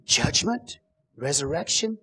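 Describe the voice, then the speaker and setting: Fervent high-pitched preacher man. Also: big pitch swings, takes it slowly, breathy edge. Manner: fervent, shouting praise; quieter teaching tone. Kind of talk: Pentecostal sermon.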